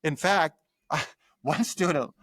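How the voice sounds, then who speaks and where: An older man, a guest scholar in an interview, explaining with lively examples and acted-out quotes. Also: on the high side, slow, no room sound. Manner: animated explainer acting out examples.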